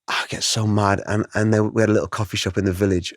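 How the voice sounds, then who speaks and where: A middle-aged man with a very low voice tells his story in an interview. He is animated and emotional, and he slips into the voices of the people he quotes. The room sounds dry and close. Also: quick pace, no echo. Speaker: guest artist.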